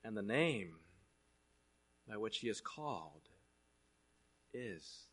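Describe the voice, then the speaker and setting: A man preaching a sermon, reading scripture aloud and swinging between loud proclamation and hushed asides. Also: on the low side, very animated, takes it slowly, breathy edge.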